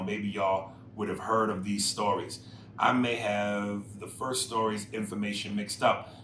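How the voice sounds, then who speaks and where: A man reads out listener emails on a casual podcast he co-hosts, riffing on them profanely and with lots of animation. When he lands a point, his voice leaps loud and high, in a room with echo and faint background noise.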